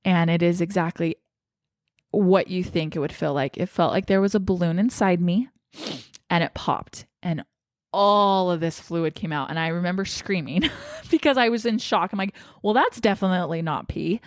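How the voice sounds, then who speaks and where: Young woman vlogger, candid and emotional, a slightly low voice, close and dry. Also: normal speed, no room sound. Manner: emotional, shaky and tearful at times. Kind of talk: personal storytelling.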